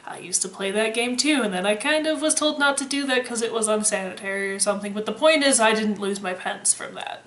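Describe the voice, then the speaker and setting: A woman's voice: on the high side, brisk, few pauses, a bit bright. Sarcastic young woman vlogger, roomy echo. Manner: sarcastic, swears freely, dry humor. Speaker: vlogger, former waitress. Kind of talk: casual chat to camera.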